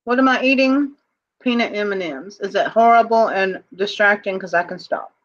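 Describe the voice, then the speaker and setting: A woman's voice: mid-range voice, normal speed, muffled recording. A woman co-hosting a casual live-stream jewelry auction, chatting and laughing as she reads viewers' comments. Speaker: online auction co-host.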